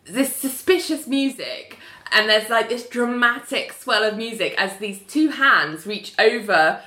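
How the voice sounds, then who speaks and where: A woman's voice: fairly high pitch, expressive, unhurried, bright, forceful tone, echoey room. A woman co-hosting a casual chat, recapping a show with frequent laughter and acted-out quotes. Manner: chatty, laughs often, acts out quotes. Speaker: podcast co-host recapping a show.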